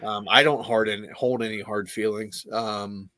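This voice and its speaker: A man's voice: on the low side, flat delivery, moderate pace, sharp tone, dry recording. A man who is a pro wrestler and trainer, telling stories as a podcast guest in a blunt, candid way with plenty of swearing. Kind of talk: casual interview storytelling.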